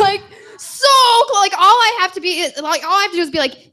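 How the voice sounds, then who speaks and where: A woman's voice: sits high, fast, bright, forceful tone. A young woman from Chicago doing a stand-up set in a bar, rambling and self-deprecating with frequent giggles. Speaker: stand-up comedian. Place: bar stage.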